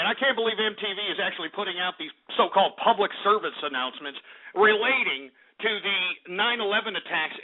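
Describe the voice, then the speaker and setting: A man hosting a radio show, delivering an angry, profane, sarcastic rant. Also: high-pitched. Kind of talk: ranting talk radio monologue. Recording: tinny phone-line internet radio.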